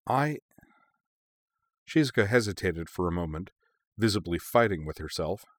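A man narrating a story in an even, measured reading. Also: deep voice, dry recording, clean studio sound. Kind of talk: audiobook narration.

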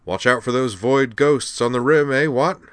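A man's voice: high-pitched, sing-song, fairly quick, no room sound, clean studio sound, pitched above the performer's own voice. A man voicing a cheerful, blustering aristocratic young man with jovial upper-class banter. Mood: hearty.

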